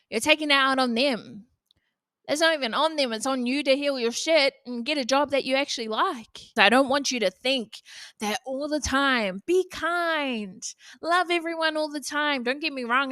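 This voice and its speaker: A woman's voice: on the high side, a bit bright, dry recording, clean studio sound. A young woman hosting a casual solo podcast, talking bluntly and swearing freely. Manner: blunt, frequent swearing, chatty. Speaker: podcast host.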